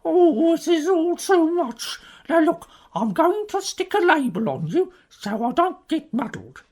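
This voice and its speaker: A woman voicing a fussy, flustered housekeeper with a husky voice in a comedy audio play. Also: extremely high pitch, big pitch swings, a little slow, a little mellow, exaggerated voice.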